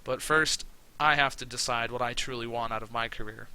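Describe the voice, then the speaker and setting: A downcast wrestler, voiced by a man, who talks quietly and plainly. His tone stays bright. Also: mid-range voice, steady tone, a little fast, clean tone, poor audio. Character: downcast male wrestler abandoned by his brother.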